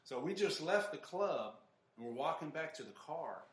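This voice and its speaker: A man from California, co-hosting a podcast, telling a story in a lively, animated way and acting out the shouting people in it. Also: fairly high pitch, normal speed, echoey room. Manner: animated, acts out shouting voices in his stories. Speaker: podcast co-host. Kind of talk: casual storytelling chat. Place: garage.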